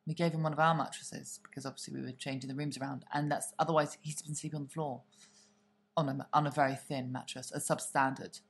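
A woman's voice: rumbling low, flat delivery, quick pace. Gossipy woman co-hosting a chat. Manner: gossipy, theatrical, swears freely. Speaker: podcast co-host. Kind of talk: casual chat.

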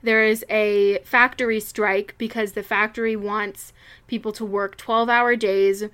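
Bright, crisp-voiced young woman podcaster. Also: medium pitch, level tone, a little slow. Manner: chatty, rambling with many fillers. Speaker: podcast co-host. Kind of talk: casual chat.

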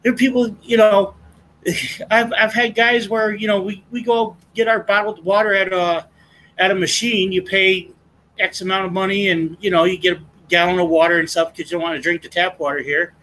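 A man's voice: sits high, level tone, normal speed, bright, forceful tone, a little hiss or hum, low-quality recording. A middle-aged man, a guest sharing his testimony in an earnest, impassioned, rambling way. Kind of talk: casual conversation.

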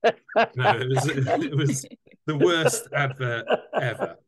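Male guest, mid-pitched, storytelling in an animated conversational register. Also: slow pace, slight background noise. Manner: animated anecdotes, repeats words when restarting. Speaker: guest, tour company founder. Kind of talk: casual storytelling chat.

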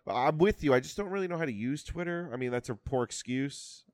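A man griping during a casual podcast chat, exasperated and swearing, restarting his sentences as he goes. His voice sits at a middle pitch. It is recorded close and dry. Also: lively intonation, a little fast, no room sound. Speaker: podcast co-host.

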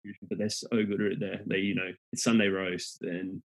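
A man's voice: low voice, little pitch movement, fairly quick, creaky, poor audio. A man with an Australian accent, a podcast guest chatting casually and rambling through his thoughts with many restarts. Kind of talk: casual chat.

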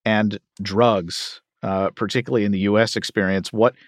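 A man with a fairly low voice hosts an interview, posing careful, deliberate questions. The sound is dry and close, with no room echo. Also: fairly even intonation.

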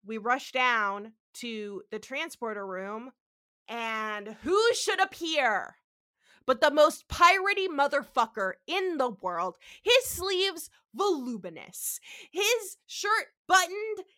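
A woman with a high, bright voice co-hosts a casual podcast. She recaps a TV episode in an excitable, sweary way. She acts out lines from the show. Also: takes it slowly. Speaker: podcast co-host.

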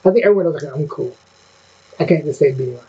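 A man co-hosting a podcast in casual chat, talking in a hesitant, halting way. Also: a little high, mellow, slightly rough. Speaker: podcast co-host. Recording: dull lo-fi sound.

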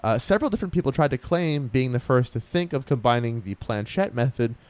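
Animated male podcast host. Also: mid-range voice, brisk. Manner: animated, chatty, frequent fillers. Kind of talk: casual podcast chat.

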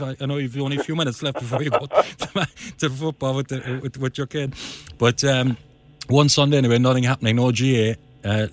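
A man with a Cork Irish accent, hosting a radio chat and rambling through a story with lots of fillers. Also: lowish voice. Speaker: radio host.

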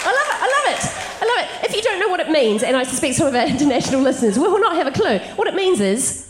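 A woman comedian doing live stand-up storytelling, her high voice leaping all over the place as she laughs through each anecdote. The theatre stage carries clear background noise behind her. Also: sing-song, fast talker, hardly any pauses, a loud crowd. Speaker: comedian and co-host.

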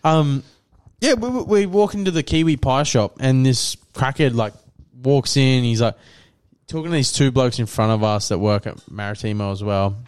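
With a mid-range, slightly mellow voice at normal speed and a clean tone, this young podcast co-host wanders through a casual story, restarting often, saying "like" a lot, and performing the quotes.

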